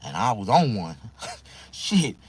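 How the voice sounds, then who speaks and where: A man's voice: fairly low pitch, big pitch swings, takes it slowly, a little hiss or hum. A man telling a rambling personal story in a casual, profane way, laughing often and repeating himself.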